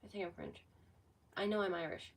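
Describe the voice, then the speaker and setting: A sixteen-year-old girl chatting casually on a livestream, rambling with lots of "like", her voice a bit hoarse from a cold. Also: mid-range voice, a little fast, far from the mic, a little hiss or hum, rough recording. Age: teens. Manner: rambling, heavy use of "like". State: sick with a cold, voice going hoarse. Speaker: livestreamer answering chat.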